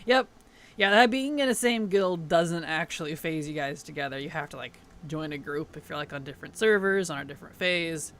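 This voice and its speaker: A man's voice: on the high side, fairly quick, a bit bright. A man streaming a game, chatting casually, laughing often and greeting his chat as he plays. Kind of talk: casual gaming livestream chat.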